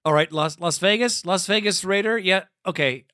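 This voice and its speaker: A man's voice: sits high, moderate pace, few pauses, very noisy. A man hosting a fan podcast, swearing and laughing as he runs a mock group therapy session. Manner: profane, laughing, animated. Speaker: podcast host.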